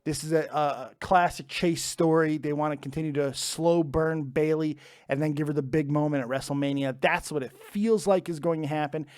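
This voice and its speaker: A man's voice: on the high side, steady tone, normal speed, few pauses, a little mellow, dry recording, clean studio sound. A man hosting a live wrestling prediction stream from home, chatty and joking as he reads out the chat. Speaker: wrestling show host.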